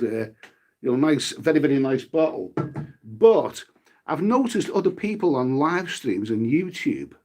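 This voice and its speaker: A man's voice: mid-range voice, darkish tone. A middle-aged man hosting a live stream, chatting casually with the viewers in a rambling way, with casual swearing and repeated words. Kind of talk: casual chat reading the live chat.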